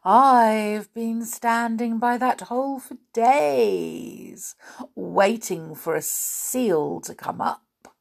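A woman voicing a male snowman in a storybook reading, in a soft, whispery, snowy voice. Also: a little high, drawn-out words, vocal fry, pitched above the performer's own voice, full character voice. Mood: pleased.

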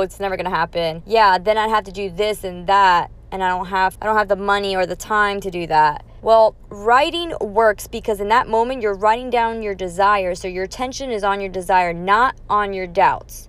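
A woman in her thirties with a mother's easy, chatty manner, talking casually about manifesting and swearing now and then. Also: medium pitch. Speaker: manifestation talk host. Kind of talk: casual monologue.

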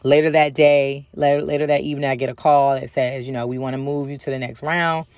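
A woman's voice: a bass voice, little pitch movement, fairly quick, darkish tone, no room sound, clean studio sound. A woman telling a personal story in a casual way, with lots of ums and acted-out bits of dialogue. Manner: chatty, frequent ums, acts out other people's lines.

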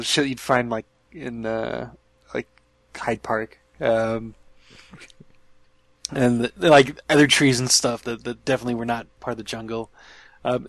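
A man's voice: medium pitch, dry recording. A man co-hosting a podcast, rambling casually with lots of fillers and chuckles. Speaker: podcast co-host. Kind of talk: casual chat.

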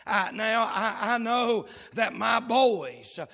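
A man preaching in a church, his voice high and bright, ringing with a long hall echo. He speaks slowly and drawls his key words. Every so often he whoops or shouts for emphasis. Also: expressive, gravelly. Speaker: pastor. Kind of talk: sermon with opening prayer. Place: church sanctuary.

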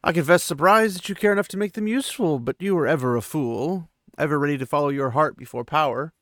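A man's voice: on the high side, quick pace, a bit bright, no room sound, clean studio sound. A man voicing an ancient, scornful male sorcerer villain who taunts and threatens coldly. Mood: menacing. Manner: cold, mocking and threatening.

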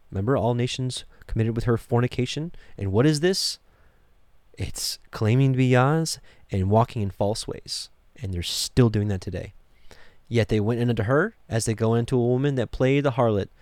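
A man's voice: mid-range voice, a little mellow, no room sound. A man teaching from the Bible, reading verses aloud with rising emphasis and adding pointed asides. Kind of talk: scripture reading and commentary.

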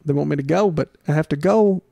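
A middle-aged man as a podcast guest, telling stories in a casual, animated way and acting out the voices of people he quotes. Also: quick pace, creaky, no echo. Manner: animated storyteller, acts out quotes with jumps in pitch. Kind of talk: casual storytelling interview.

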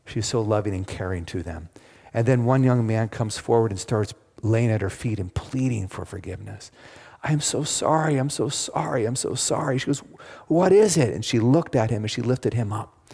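A man preaching a sermon, telling a story dramatically and dropping to a hushed, pleading tone. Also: on the low side, moderate pace, vocal fry, slightly rough. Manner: dramatic, swings from loud acted quotes to hushed pleading. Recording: long hall reverb.

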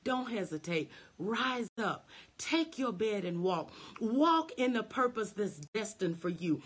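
Fervent woman preacher, rather high voice. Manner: fervent, repetitive preaching cadence with frequent "right?" tags; drops into soft, low voice when quoting Jesus. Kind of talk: sermon.

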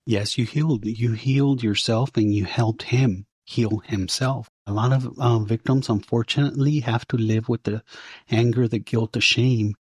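A man hosting an interview, speaking in a calm, affirming way. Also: medium pitch, moderate pace, breathy edge, dry recording. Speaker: host.

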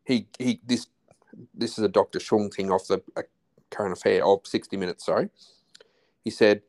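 Low-voiced Australian man, halting chat. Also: steady tone, a little mellow. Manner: halting, many restarts and trailing phrases. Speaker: podcast guest, husband of host. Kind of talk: casual chat.

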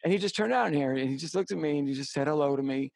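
A middle-aged man co-hosting a podcast, telling a personal story in a halting, heartfelt way with many fillers and restarts. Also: fairly high pitch, vocal fry, a little mellow, dry recording. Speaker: podcast co-host. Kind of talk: casual storytelling chat.

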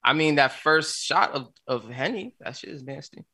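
Young guy cracking jokes on a podcast, bouncy bright voice, swears a lot. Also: fairly high pitch, expressive, moderate pace. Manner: joking, profane, trash-talking. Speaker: podcast co-host. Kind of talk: casual chat.

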